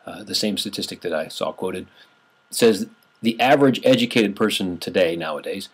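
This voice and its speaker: A man's voice: sits low, normal speed, husky. A man teaching a class in a conversational lecture, restarting phrases and stressing numbers.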